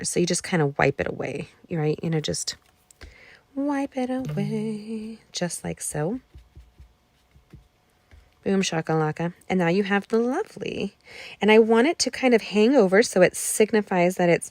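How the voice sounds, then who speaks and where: A woman's voice: lowish voice, dry recording. A woman in her forties hosting a live card-making class, chatting and telling stories while she works. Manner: chatty, storytelling asides while crafting. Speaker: craft class host. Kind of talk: live crafting demo chat.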